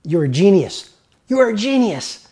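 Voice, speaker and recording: A man voicing an excited woman fan in an anecdote, gushing with praise. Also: high-pitched, moderate pace. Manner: eager, gushing. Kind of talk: motivational lecture.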